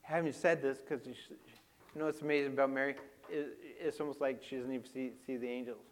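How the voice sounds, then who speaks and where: A man preaching a sermon with slides, moving from quiet reflection to loud, emphatic passages. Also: mid-range voice, fairly even intonation, fairly quick. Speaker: pastor.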